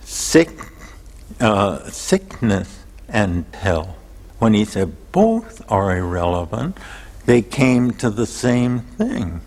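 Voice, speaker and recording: A man speaks as an interview guest, unhurried and reflective, his low voice rising and falling with strong expression. The recording carries a long, lingering hall reverb. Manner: slow, thoughtful, expressive. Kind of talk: reflective personal storytelling.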